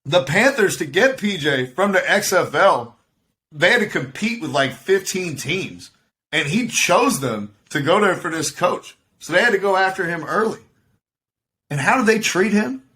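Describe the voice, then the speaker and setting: A man's voice: sits high, sing-song, moderate pace, sharp tone. A man co-hosting a podcast on a video call, riffing on sports in a joking, profane way and laughing often. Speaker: podcast co-host. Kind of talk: casual sports chat.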